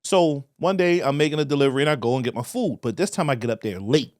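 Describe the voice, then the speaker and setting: A man with a Baltimore accent telling a profane, animated story on a casual podcast, acting out voices as he goes. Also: medium pitch, fast talker, no echo, clean studio sound. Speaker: podcast co-host.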